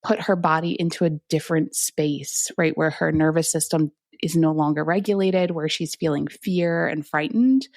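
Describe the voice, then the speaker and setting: A woman physician guest in a conversational interview, explaining things calmly and in clinical detail. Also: fairly low pitch, no echo, studio quality.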